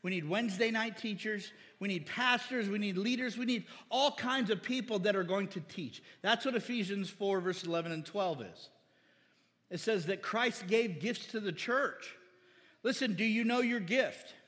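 A man's voice: sits high, normal speed, a bit bright. A middle-aged man preaching a sermon as pastor, exhorting the congregation, calling for amens and quoting scripture. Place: church hall. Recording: reverberant church hall.

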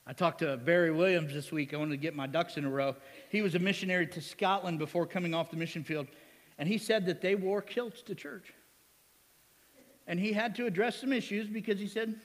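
A male pastor preaches in a church sanctuary, speaking in a joking, conversational manner and constantly putting questions to the congregation. His voice runs high, with a moderate pace and long pauses. A long reverb tail follows his words.

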